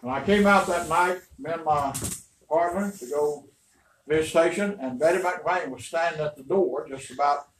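A man's voice: on the high side, normal speed. An older man, a pastor, preaching a storytelling sermon in a folksy, rambling, emphatic way. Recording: roomy, distant, faint noise.

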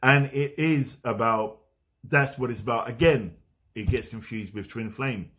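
Brief: man, mid-pitched, loose conversational vlog delivery that wanders off on tangents. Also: a little slow, fairly bright tone. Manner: meandering, conversational, drifting off on tangents. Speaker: spiritual vlogger. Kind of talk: casual spiritual talk to camera.

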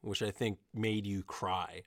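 Deadpan young dude cohosting, lowish voice, dry sound, tossing out absurd bits. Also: male voice, slow, no room sound. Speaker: podcast co-host. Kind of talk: casual chat.

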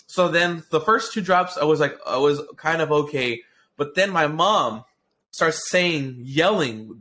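Here the co-host's voice sits on the high side, and he takes his time. Still excitable and foul-mouthed, he rambles through a lengthy story on the casual podcast, swearing, restarting and filling gaps with filler words.

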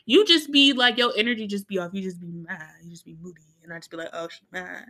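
A woman talks in a bright, clear voice. She is blunt and teasing in casual chat and slips into quoted asides as she makes her case. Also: medium pitch, animated, fast.

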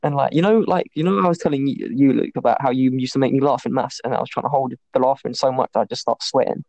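A man's voice: medium pitch, steady tone, fast talker, gravelly, darkish tone, dry recording, low-quality recording. A young man co-hosting a podcast, casually telling school stories and laughing through his own anecdotes. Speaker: podcast co-host.

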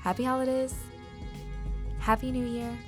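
A woman's voice: sits high, little pitch movement, normal speed, over music. A young woman hosting a casual solo podcast, chatty and full of ums as she tells stories. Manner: chatty and warm, many ums, laughs while telling stories. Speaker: podcast host.

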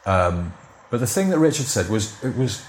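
A man's voice: fairly low pitch, very animated, fairly quick, reverberant, slight background noise. A man, a former TV script editor, telling stories as a podcast guest in a rambling, anecdotal way full of "sort of" and "you know". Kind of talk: casual interview storytelling.

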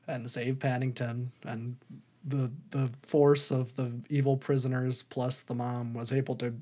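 A man's voice: mid-range voice, flat delivery, measured pace, mellow. A man co-hosting a casual podcast, rambling through a movie recap with frequent laughs. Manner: rambling, laughing, breaks into put-on voices for quotes. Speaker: podcast co-host.

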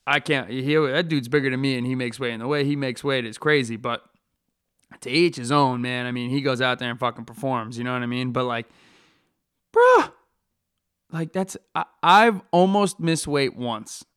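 Young male fighter, clear resonant voice, casual profane rant that swings from loud to muttered. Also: mid-range voice, moderate pace. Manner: heated, swears a lot, drops to a mutter. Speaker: fighter hosting a talk show.

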